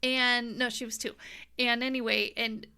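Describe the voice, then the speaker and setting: Middle-aged woman guest with a bright, clear voice, a fairly high pitch, an animated storyteller. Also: normal speed. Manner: animated, laughs often, acts out quotes. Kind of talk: casual storytelling.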